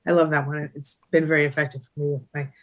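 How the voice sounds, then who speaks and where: A woman's voice: low voice, flat delivery. A woman hosting a casual live-stream chat, reading viewer comments aloud and answering them. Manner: reads viewer comments aloud, quick agreeing replies. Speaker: host.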